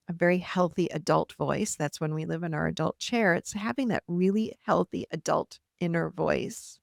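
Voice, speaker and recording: A middle-aged woman hosting a podcast alone, talking casually and encouragingly, and she breaks into lively quoted voices. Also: lowish voice, gravelly, dry recording, clean studio sound. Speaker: podcast host and therapist. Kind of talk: casual solo podcast talk.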